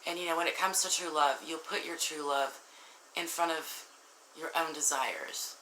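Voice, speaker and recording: A woman reads tarot cards for her audience in a low, bright voice. She talks earnestly and speaks straight to viewers. The room echoes, with a faint hiss behind her. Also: fairly even intonation, normal speed. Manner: earnest, warm-hearted, addresses viewers directly, emotional. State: tearful at times. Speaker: tarot reader. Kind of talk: casual tarot reading to viewers.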